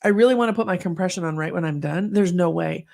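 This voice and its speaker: A middle-aged woman in easy podcast conversation with a touch of gravel in her voice. She tells stories animatedly and jumps into the voices of the people she quotes. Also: fairly low pitch, fast, darkish tone. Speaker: podcast co-host. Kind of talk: casual podcast chat.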